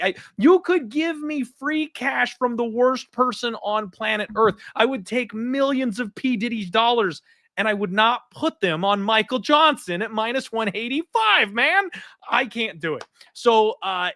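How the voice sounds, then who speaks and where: A man hosting a sports betting podcast, all blunt opinions and animated delivery. His voice sits high. The sound is dry and close, with no room around it. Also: no echo. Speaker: podcast host. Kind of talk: casual betting podcast chat.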